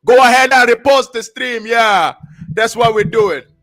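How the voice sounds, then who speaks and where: Man, live-stream host, excitable slangy chat, repetitive, very high bright voice. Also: normal speed. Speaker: livestream host.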